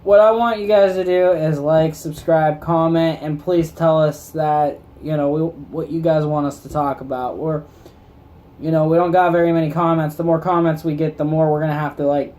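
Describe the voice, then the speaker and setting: A man's voice: a little high, steady tone, normal speed, warm tone. A man co-hosting a casual chat in a put-on Southern drawl, swearing and joking crudely. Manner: crude, profane banter. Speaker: co-host.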